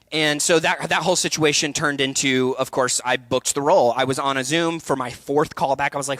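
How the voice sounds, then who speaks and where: Young man, festival speaker, bright forceful voice, candid energetic storytelling, dry sound. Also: fairly high pitch, quick pace, no echo. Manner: energetic, candid storytelling with laughs and acted quotes. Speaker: actor and speaker. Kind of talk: festival talk, personal story. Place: event hall.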